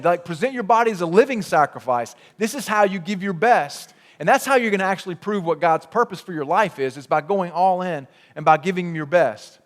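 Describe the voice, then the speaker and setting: A man's voice: sits high, lively intonation, fairly quick, few pauses. A man preaching a sermon in a church, with rhetorical questions and lots of repetition. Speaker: pastor. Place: church sanctuary. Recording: long hall reverb.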